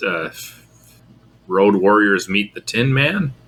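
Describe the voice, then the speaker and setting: A man's voice: fairly low pitch, expressive, slow pace, a bit bright. A man co-hosting a podcast in casual chat, tossing in short wry quips. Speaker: podcast co-host.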